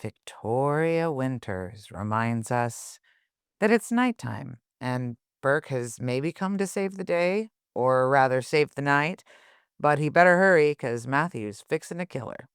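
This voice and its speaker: A woman co-hosting a podcast, chatting casually with quick asides and frequent laughter. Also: a bass voice, expressive, smooth, dry recording, clean studio sound. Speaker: podcast co-host.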